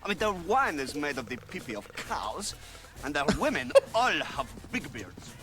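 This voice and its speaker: A camp French courtier in mock accent. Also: male voice, a little high, very animated, moderate pace. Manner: camp, fluttery, theatrical. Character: foppish effeminate French courtier. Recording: music behind a TV clip.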